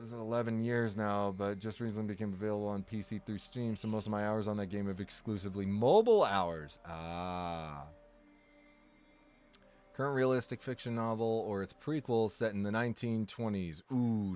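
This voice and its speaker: A man with a lowish, smooth voice chats casually on a live stream. He rambles, corrects himself often and jokes along with his chat.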